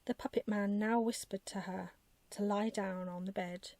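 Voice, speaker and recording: A woman reading a children's bedtime story aloud in a soft ASMR manner, as whispered role-play. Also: mid-range voice, steady tone, moderate pace, no echo.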